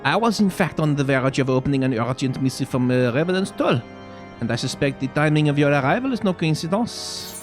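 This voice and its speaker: Overdone fake french lord with a lively up-and-down delivery, a guy hamming it up. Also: on the high side, brisk, faint music behind, pitched below the performer's own voice, close to an everyday voice. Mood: grandly hospitable. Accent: put-on French. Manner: hammy, overdone. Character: hammy male nobleman with a fake French accent.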